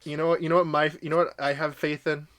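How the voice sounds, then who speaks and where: A man's voice: on the high side, level tone, quick pace, a bit bright. A man livestreaming a video game, chatting casually and often breaking into laughter. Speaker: game streamer. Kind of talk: casual chat while livestreaming.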